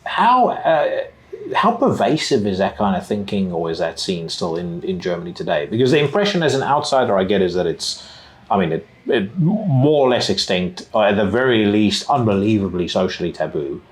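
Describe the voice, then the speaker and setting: Man, lowish voice, blunt conversational host. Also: big pitch swings, a little fast. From South Africa. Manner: blunt, conversational, swears freely. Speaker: podcast host. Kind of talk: casual conversation. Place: in person at a music festival.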